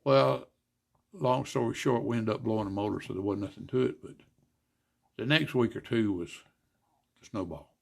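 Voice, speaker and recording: An older man with a drawl spins racing yarns in a heavily gravelly, rough voice. He talks in a folksy, lively way and acts out each side of the conversation. His voice sits at an ordinary pitch but carries a husky grain. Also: moderate pace, pauses often. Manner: folksy, animated storyteller acting out dialogue. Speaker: guest, former racer and car builder. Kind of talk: casual storytelling interview.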